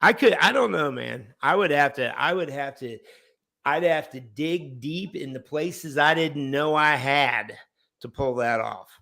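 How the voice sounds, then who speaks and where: A man's voice: fairly high pitch, a little slow, vocal fry, bright, forceful tone, no room sound. A man co-hosting a comedy podcast, chatting casually in a rambling way with restarts. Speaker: podcast co-host.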